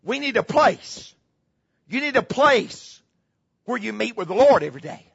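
A middle-aged male pastor delivers a dramatic sermon in a high, bright, gravelly voice with a husky edge. He repeats his key phrases and sinks to hushed tones. The recording is muffled and slightly lo-fi. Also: very animated, normal speed.

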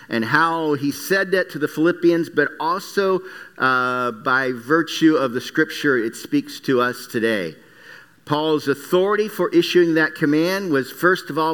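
A man teaching a Bible lesson as a sermon, pausing often on fillers as he recaps and explains Greek words. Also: fairly high pitch, sharp tone, clear, resonant tone.

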